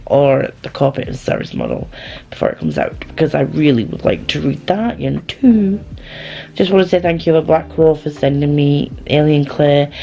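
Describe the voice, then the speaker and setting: A woman's voice: low-pitched, vocal fry, darkish tone. A woman book vlogger in casual chat, playful and rambling with chatty asides, hungry and a bit giddy. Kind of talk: casual reading vlog chat.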